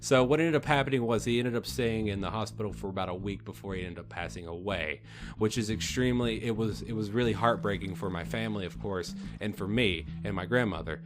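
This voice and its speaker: A young man talks casually over his gameplay, earnest and rambling, often restarting his sentences. Music plays clearly beneath his voice. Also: on the low side, fairly quick. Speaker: let's play host. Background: background music.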